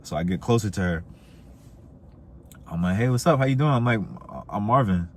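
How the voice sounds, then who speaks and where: A young man telling dating stories in a casual, animated way, acting out the quoted voices. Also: moderate pace, a little hiss or hum. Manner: animated, acts out quoted voices with big pitch jumps. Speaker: dating advice vlogger. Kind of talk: casual storytelling monologue.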